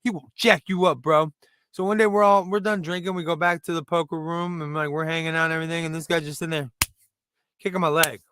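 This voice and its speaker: A middle-aged man rambles through a casual stand-up monologue, poking fun at himself. His voice sits high and bright, smooth and crisp. The sound is dry and close, with no room around it. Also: steady tone, fast talker, dry recording. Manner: rambling, self-deprecating, restarts a lot. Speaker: stand-up comedian and host. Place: room in front of a brick wall.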